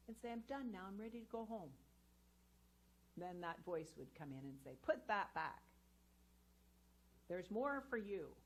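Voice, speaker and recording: A woman speaks in an even, mid-pitched voice, addressing a live audience in a spiritual centre hall. She talks earnestly and draws on personal stories, like an educator giving an inspirational talk. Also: a little hiss or hum.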